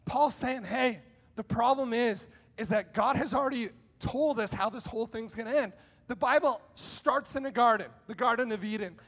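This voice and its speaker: A male pastor giving an energetic, conversational sermon with sudden shouted lines. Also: very high-pitched, moderate pace. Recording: long hall reverb.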